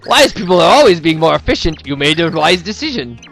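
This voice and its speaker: A jolly workman with a thick, corny German accent, put on by a gamer. He talks in broken English and ends his sentences with a questioning "yeah?", his pitch bouncing around. Faint game music plays behind him. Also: sing-song, brisk, gravelly, fairly bright tone, heavily acted. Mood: boastful. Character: cheery male construction worker, corny German accent.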